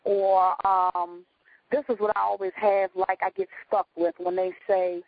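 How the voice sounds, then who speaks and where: A woman's voice: medium pitch, fairly even intonation, brisk, dry recording. A woman trainee asking her trainer for advice. She rambles, fills gaps with "um" and "you know," and quotes her customers. Her voice is thin and tinny, as if over a phone line.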